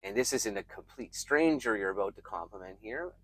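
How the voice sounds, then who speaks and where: A man giving reflective, emphatic self-help advice straight to his viewers, pausing often and restarting his sentences. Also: fairly low pitch, expressive, husky. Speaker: self-help video creator. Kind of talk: earnest self-help talk to camera.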